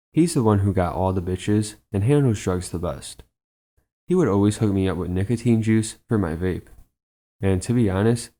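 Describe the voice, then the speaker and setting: A man reading aloud a first-person story someone sent in, in an even, unhurried storytelling manner. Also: lowish voice. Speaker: channel narrator. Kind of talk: reading a submitted first-person trip report.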